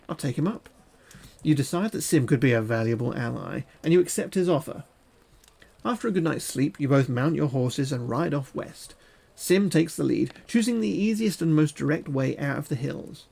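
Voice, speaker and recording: A man's voice: mid-range voice, expressive, moderate pace, gravelly, mellow, husky. A man streaming, reading a gamebook aloud and making crude, joking asides.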